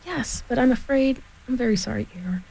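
A woman's voice: a little high, moderate pace, vocal fry, mellow, breathy edge, low-quality recording. Piglet, a woman reading as a timid little pig. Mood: apologetic. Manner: hesitant and apologetic. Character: small timid young male piglet, anxious.

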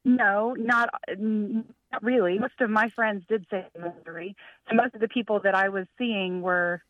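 A woman's voice: medium pitch, steady tone, normal speed, dry recording, far from the mic. Woman in her forties on a phone line. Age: 40s. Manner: chatty, laughs easily. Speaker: caller. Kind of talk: casual chat on a call-in show. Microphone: telephone.

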